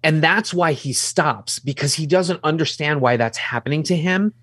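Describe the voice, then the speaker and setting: A man co-hosting a casual film discussion, animated and swearing casually as he makes his points. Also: fairly high pitch, moderate pace, husky, no echo, studio quality.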